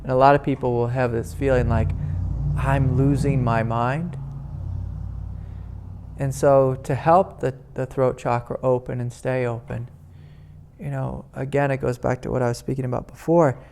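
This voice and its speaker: A man, a spiritual teacher, giving a gentle, rambling talk at a meditation retreat, full of "you know" fillers. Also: mid-range voice, level tone, brisk, vocal fry, slight background noise. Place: indoor retreat meeting room.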